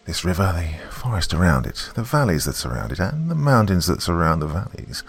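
A man voicing an ancient giant river serpent, a male, low, distant voice that talks down with imperious contempt. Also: very animated, a little fast, creaky, breathy edge, soft background music, full character voice. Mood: commanding.

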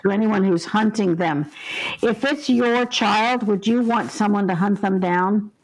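Speaking in an unhurried, mid-range voice over a low-quality recording, this older woman is a ghost helper being interviewed on a podcast. She tells her stories earnestly and vividly, performing the voices of their characters.

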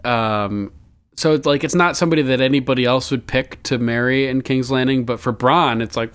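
Casual male podcast host, mid-pitched, chatty and profane, quick to laugh. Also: a bit bright, smooth. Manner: loose and chatty, swears, laughs often, quotes lines in passing. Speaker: podcast host recapping a TV episode. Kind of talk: casual chat.

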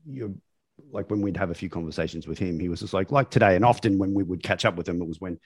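A man's voice: sits low, fast, breathy edge, no room sound, studio quality. A man co-hosting a podcast, telling stories casually with some swearing. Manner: lively storytelling, casual swearing. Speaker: podcast co-host. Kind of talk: casual conversational chat.

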